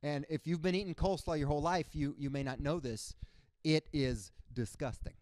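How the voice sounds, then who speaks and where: Young man from Cuba, stand-up comic, clean crisp voice, dry close sound, slightly high, bursts into squeaky character voices. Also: fairly quick, no room sound. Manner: animated, jumps into high-pitched character voices and impressions. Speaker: stand-up comedian. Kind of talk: stand-up comedy set. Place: comedy stage before a live audience.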